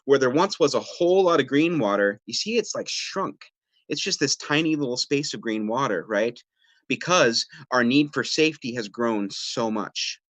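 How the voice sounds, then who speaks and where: A man presenting a parenting webinar in a relaxed, conversational way, often checking in with "right?" and acting out what people say. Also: mid-range voice, moderate pace, no echo. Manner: conversational, frequent "right?" and fillers, acts out quoted lines. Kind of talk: casual explanatory teaching. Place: home or office, video webinar.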